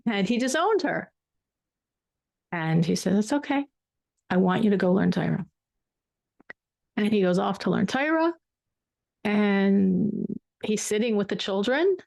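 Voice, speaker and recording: Woman, Torah teacher, storytelling class, emphatic repetition, gravelly edge. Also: mid-range voice, dry recording, studio quality. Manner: emphatic, repeats words for weight.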